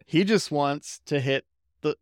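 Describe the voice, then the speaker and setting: A man's voice: fairly high pitch, measured pace, dry recording, studio quality. A young man co-hosting a podcast, casually and jokingly recapping a TV episode. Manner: joking, animated, does voices. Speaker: podcast co-host. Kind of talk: casual chat recapping a TV show.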